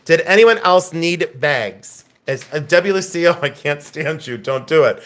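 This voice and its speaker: American man, live auction host, slightly high voice, joking, rambling. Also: lively intonation, a little slow, fairly bright tone. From United States. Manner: joking, teasing viewers, rambling. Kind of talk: casual live-stream sales chat.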